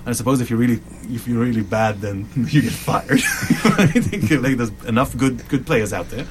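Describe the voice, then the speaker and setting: A middle-aged man chatting casually as a podcast host, wandering through long thoughts and circling back on himself. His voice sits at an ordinary pitch for a man. A faint noise floor runs under the recording. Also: normal speed. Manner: rambling, with restarts and tangents. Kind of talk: casual chat.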